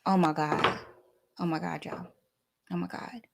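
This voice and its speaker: A woman guest telling a personal story in a lively way, acting out the dialogue. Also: medium pitch, unhurried, creaky. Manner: animated, acts out dialogue.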